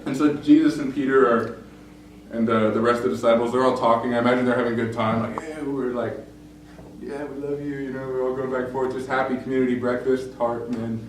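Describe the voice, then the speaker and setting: A young male pastor tells a story in a relaxed, chatty sermon, full of "like" and "you know". His voice sits at an ordinary pitch and is picked up from afar. It rings in a big, reverberant hall with a faint hiss underneath. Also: quick pace. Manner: conversational, many fillers, acts out quoted lines. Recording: very echoey room, distant mic, faint noise.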